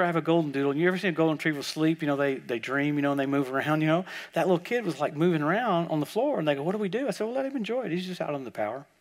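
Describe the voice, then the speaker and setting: An older man delivers a sermon in a fairly high voice, telling stories and acting out what people said. He repeats words as he goes and often drops to soft, hushed tones. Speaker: guest preacher. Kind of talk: sermon storytelling.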